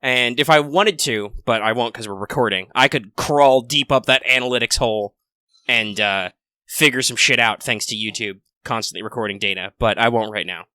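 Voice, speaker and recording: A man chats casually as a podcast co-host, rambling and joking at length. His voice is bright and forward, recorded dry and close. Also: mid-range voice, normal speed, clear, resonant tone, dry recording. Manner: rambling, jokey, talks at length. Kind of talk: casual chat.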